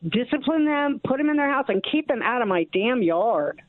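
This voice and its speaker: A woman's voice: a little high, lively intonation, moderate pace. A woman calling in to a radio show, speaking in an emphatic, indignant way and pressing her points. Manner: indignant, emphatic, keeps asking "okay?". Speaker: caller. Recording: tinny dry phone line.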